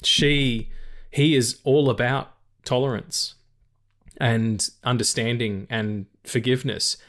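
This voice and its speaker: A man chatting about films as a podcast co-host, with a voice of ordinary middle pitch. He jokes around, swears freely and breaks into laughter often. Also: fairly even intonation, slow pace, fairly bright tone. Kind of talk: casual film chat.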